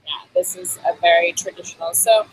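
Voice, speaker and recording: A woman's voice: fairly low pitch, steady tone, a little fast, rough recording. A woman hosting a casual on-camera lesson on basic phrases, chatty, with frequent ums and laughs between phrases. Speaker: host teaching basic Thai phrases. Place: Bangkok.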